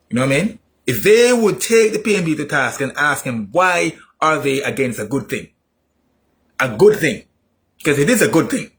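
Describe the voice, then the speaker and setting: A man delivering an opinionated political monologue, repeating himself emphatically and rising into shouts. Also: a little high. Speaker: political commentator.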